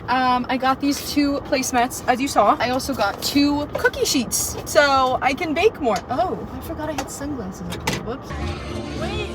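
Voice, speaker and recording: A young woman in her twenties chatting casually to her phone camera for a vlog, bubbly and full of quick asides. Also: fairly high pitch, rough recording. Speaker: vlogger. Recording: phone vlog with clear background noise.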